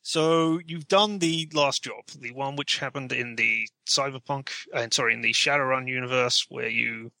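A man's voice: medium pitch, gravelly, sharp tone, no echo. A man narrating a tabletop role-playing game as game master, chatty and often correcting himself mid-sentence. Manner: chatty, self-correcting, quick to laugh.

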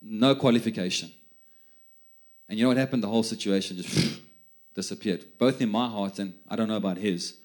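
This middle-aged South African preacher has a fairly low voice and a brisk delivery. He tells sermon stories in a chatty way, with many repeated words as he restarts.

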